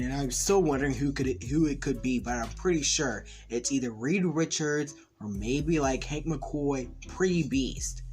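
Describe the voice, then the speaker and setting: A man casually recapping and reviewing a TV episode, rambling with lots of "like" and excited fan enthusiasm. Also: mid-range voice. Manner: rambling, heavy use of "like". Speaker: TV series reviewer.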